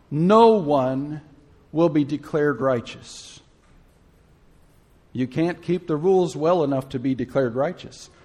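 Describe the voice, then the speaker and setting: High-voiced man preaching a sermon. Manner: conversational, humorous asides, rhetorical questions.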